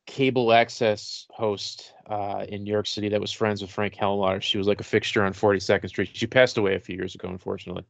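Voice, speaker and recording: A man's voice: lowish voice, level tone, fast talker, gravelly, hardly any pauses, no room sound. A man co-hosting a podcast, casually chiming in with short bits of film trivia. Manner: laid-back, adds trivia in short remarks. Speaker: podcast co-host.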